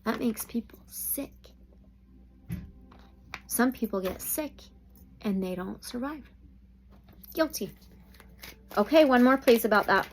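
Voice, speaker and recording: A woman's voice: a little high, slight background noise. A woman doing a tarot reading, thinking aloud and often exclaiming. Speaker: tarot reader.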